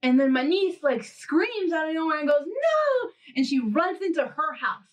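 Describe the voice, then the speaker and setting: A woman's voice: high voice, animated, moderate pace, distant mic. A woman hosting a podcast, telling a long dream story in casual chat, acting out the quotes and laughing often. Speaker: podcast host.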